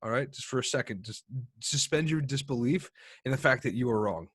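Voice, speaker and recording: A man's voice: mid-range voice, brisk, slightly rough, no echo, clean studio sound. A man co-hosting a casual podcast, arguing and joking with his friend and swearing freely. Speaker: podcast co-host.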